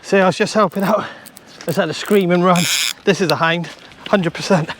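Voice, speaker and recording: A British man giving chatty running commentary to viewers while fishing on a beach, excitable and talkative. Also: sits high, moderate pace, a little hiss or hum. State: out of breath. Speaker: fishing vlogger and coach. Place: outdoors on a beach. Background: faint outdoor ambience.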